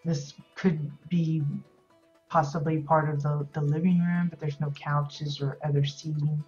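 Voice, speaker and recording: Low-voiced woman, casual rambling commentary. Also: little pitch movement, a little slow, warm tone, highs cut off, soft background music. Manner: rambling, many ums and restarts. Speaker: host touring player houses in a game.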